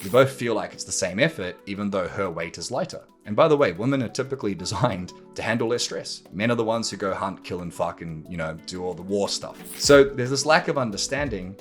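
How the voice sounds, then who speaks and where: A man's voice: lowish voice, expressive, a little fast, few pauses, soft background music. A man hosting a podcast, talking straight to the listener in a blunt manner, swearing freely and acting out arguments. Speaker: podcast host. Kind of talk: monologue to camera.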